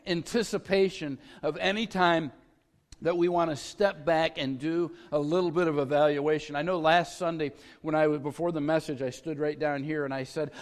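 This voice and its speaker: A middle-aged pastor preaches in a casual, folksy way, drifting into stories and light jokes from the pulpit. His voice sits somewhat high for a man. The sound carries a long church reverb. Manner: conversational, folksy storytelling with humor. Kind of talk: sermon. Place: church sanctuary.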